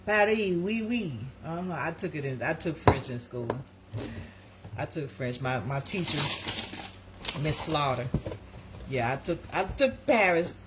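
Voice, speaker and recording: A woman's voice: sits low, animated, measured pace, long pauses. Brief: middle-aged woman, rambling live-stream host, chatty, noisy home recording. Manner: chatty, rambling, talks to viewers as y'all. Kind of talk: casual live-stream chat.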